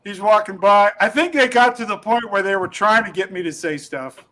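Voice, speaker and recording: High, bright-voiced comedian guest. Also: male voice, moderate pace, rough recording. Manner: rambling, lots of restarts and fillers, laughing at his own stories. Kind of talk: casual podcast chat, telling funny stories.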